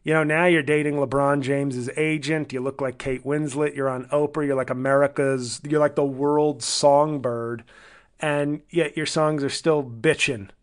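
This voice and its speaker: A man's voice: a little high, steady tone, moderate pace. A comedian hosting his podcast alone, talking in a rambling, self-deprecating and sardonic way, often swearing. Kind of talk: solo casual monologue.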